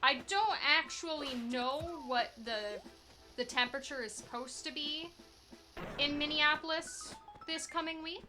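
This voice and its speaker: A woman's voice: sits high, a little slow, pushed and bright, faint music behind. A woman streaming a speedrun, chatting loosely and answering chat as she plays, self-deprecating and giggly. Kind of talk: casual live gameplay commentary.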